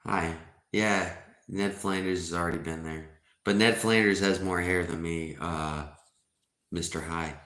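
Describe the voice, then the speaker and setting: A man in his forties chatting loosely on a livestream, cracking jokes and answering chat. His voice sits very low. The room adds a noticeable echo. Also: steady tone, measured pace, fairly bright tone. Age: 40s. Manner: joking, chatty, reading chat aloud. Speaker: livestream host. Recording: roomy echo.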